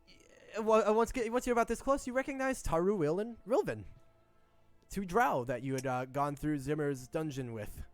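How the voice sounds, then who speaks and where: A man's voice: on the high side, lively intonation, moderate pace, no echo, soft background music. A man narrating as game master in a tabletop game, rambling with many restarts. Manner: rambling, frequent restarts and fillers.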